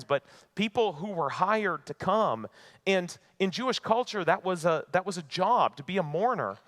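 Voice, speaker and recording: A male pastor preaching a sermon in an earnest way, moving between emphatic lines and hushed ones. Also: on the high side.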